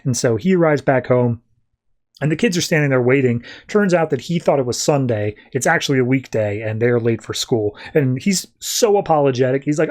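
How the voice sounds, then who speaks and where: A man's voice: mid-range voice, expressive, fairly quick, darkish tone. A man hosting a podcast, recapping a comic in a breezy, jokey storytelling way. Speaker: podcast host.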